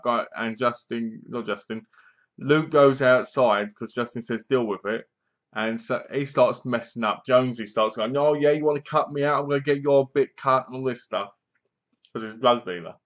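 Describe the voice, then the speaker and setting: Man, rambling casual film recap, mid-pitched voice, dull lo-fi sound. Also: fairly bright tone. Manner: rambling, quotes characters in low murmurs. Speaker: film reviewer.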